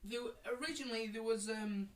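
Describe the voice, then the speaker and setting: Woman, higher voice, giggly and rambling, casual podcast chat, echoey room, distant mic. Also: fast, slight background noise. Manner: giggly, rambling, loud silly outbursts. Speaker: podcast co-host.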